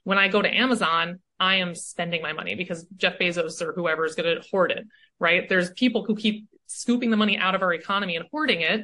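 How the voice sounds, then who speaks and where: Bright-voiced woman coach, animated. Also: fairly low pitch, fast talker. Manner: animated, often tags "right?". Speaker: guest, coach. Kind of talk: casual conversation.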